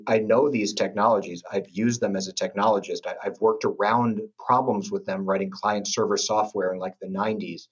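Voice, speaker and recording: Middle-aged male guest, husky and low, stop-start and enthusiastic, on a muffled lo-fi line. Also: fairly even intonation. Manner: enthusiastic, halting, with many restarts. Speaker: guest, company executive. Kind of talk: casual podcast interview.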